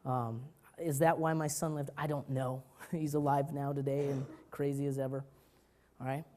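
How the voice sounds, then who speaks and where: A male pastor preaching a sermon, telling stories with urgency that drops to hushed tones, often restarting his words. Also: medium pitch, moderate pace. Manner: animated storytelling, swinging from loud urgency to quiet.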